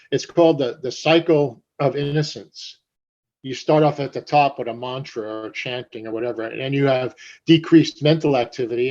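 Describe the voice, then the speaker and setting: An older man from New Jersey telling stories in an interview, animated and profane, acting out the voices of people he quotes. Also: mid-range voice. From Paterson, New Jersey. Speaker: guest. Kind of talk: storytelling interview. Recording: dull lo-fi sound.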